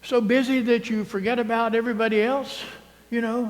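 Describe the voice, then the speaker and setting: A man's voice: very high voice, fairly even intonation, a little fast. A male priest, preaching a sermon in a chatty, teasing way and often asking "right?". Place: church sanctuary. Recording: long church reverb.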